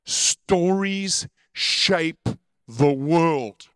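A middle-aged man preaching a sermon, opening with a slow, measured reading and moving into emphatic preaching. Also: fairly high pitch, lively intonation, fairly bright tone, clear, resonant tone, no room sound. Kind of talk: sermon with read-aloud opening.

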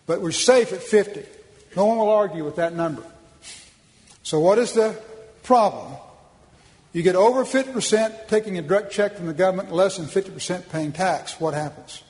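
A man's voice: high-pitched, normal speed, darkish tone, big-room sound, low-quality recording. A man from Oklahoma giving a public speech with slides at a policy conference, folksy and emphatic, often restarting his sentences.

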